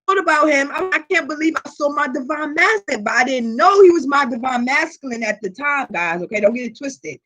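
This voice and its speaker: A woman hosting her channel, telling a personal story in a casual vlog with animated, profane delivery and constant check-ins with her viewers. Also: sits high, fairly quick, hardly any pauses. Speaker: tarot reader and channel host.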